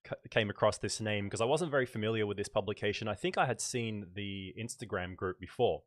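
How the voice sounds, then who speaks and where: An Australian man with a light accent hosting a casual photography livestream, chatting in a relaxed way and thinking aloud with fillers. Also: on the low side, brisk.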